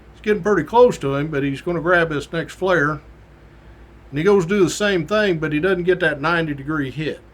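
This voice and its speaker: A middle-aged man hosting a show, telling a work story in a casual, folksy way and acting out the people in it. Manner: folksy, acts out quoted voices with rising pitch. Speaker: podcast host, retired state trooper.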